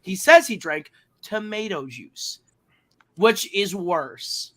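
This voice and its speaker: Man, podcast host, very bright sharp voice, a little high, rambling, swears a lot, casual film recap. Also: animated, slow. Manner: rambling and profane, heavy fillers.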